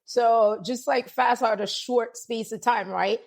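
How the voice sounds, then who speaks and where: A woman in her forties from Antigua, with a lightly Antiguan accent softened toward American speech, telling stories in a casual podcast conversation. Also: fairly high pitch, unhurried, vocal fry. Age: 40s. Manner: animated storyteller, quotes people in lively voices. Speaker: guest, lawyer and author.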